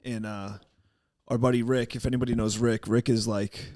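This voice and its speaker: A man's voice: medium pitch, little pitch movement, normal speed, a little mellow, no echo, studio quality. A young man, telling a story on a podcast and acting out the voices of the people in it, swearing freely. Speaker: podcast co-host. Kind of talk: casual storytelling chat.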